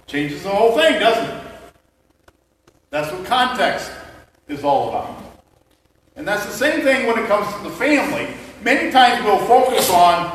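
A man's voice: sits high, lively intonation, normal speed, a bit bright. A man preaching a sermon as a pastor, conversational and joking with the congregation. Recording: echoey hall mic from far off.

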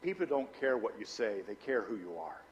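A middle-aged man preaching a sermon as pastor, telling personal stories conversationally and dropping low and intense for emphasis. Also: big pitch swings, fairly quick, highs cut off, slight background noise. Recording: long hall reverb.

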